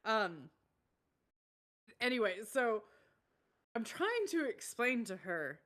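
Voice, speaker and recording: Excitable swearing woman streamer. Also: fairly high pitch, takes it slowly. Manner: excitable, swears a lot, shrieks when exasperated. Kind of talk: casual chat.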